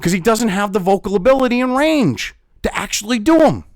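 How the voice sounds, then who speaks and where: A man's voice: high voice, animated, a little fast, dry recording, studio quality. A man ranting angrily in a profane commentary video, talking as host.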